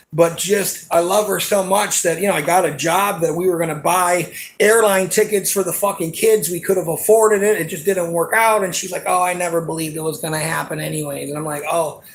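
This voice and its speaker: A man in his forties venting in an emotional, rambling monologue, angry and profane, full of fillers. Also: fairly high pitch. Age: 40s.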